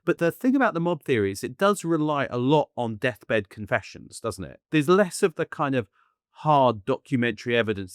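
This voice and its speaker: A man co-hosting a podcast who pushes back with measured questions. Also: medium pitch, no echo, clean studio sound. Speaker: podcast co-host. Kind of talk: casual podcast discussion.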